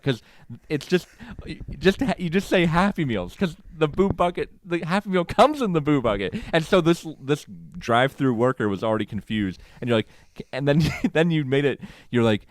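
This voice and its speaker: A man co-hosting a podcast, telling a story in animated casual chat and acting out quotes with frequent laughs. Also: medium pitch, normal speed, dry recording. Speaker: podcast co-host.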